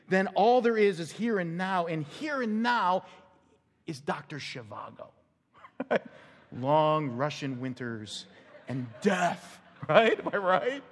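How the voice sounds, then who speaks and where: A man preaching a conversational sermon as pastor, acting out quotes and laughing along the way. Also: high voice. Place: church sanctuary. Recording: long church hall reverb.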